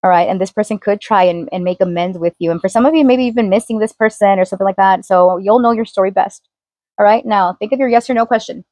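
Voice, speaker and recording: A woman's voice: medium pitch, fast, darkish tone, no room sound. Woman, tarot reader, casual chatty reading, lots of fillers, dry close sound. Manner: chatty, loose, heavy on fillers.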